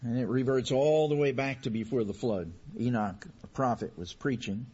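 A male pastor delivering a sermon, his voice swelling in loudness to stress points. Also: medium pitch, normal speed, few pauses, husky. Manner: preaching with emphatic swells in loudness. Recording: dull lo-fi recording.

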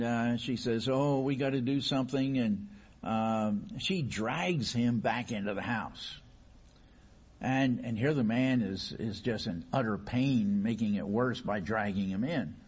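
A man's voice: mid-range voice, husky, muffled recording. A man preaching a sermon, telling a story and asking rhetorical questions with many restarts.

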